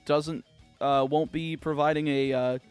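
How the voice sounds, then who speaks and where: A young American streamer chats during a game livestream, reading out viewer comments and answering in a rambling, sarcastic way full of restarts and filler words. His voice is a little high, steady, unhurried, clear and resonant. Faint music plays behind him.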